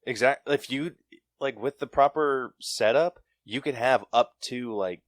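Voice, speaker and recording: Excitable man chatting on a podcast. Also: mid-range voice, unhurried, no room sound, clean studio sound. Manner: excitable, lots of "like" fillers. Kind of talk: casual podcast chat.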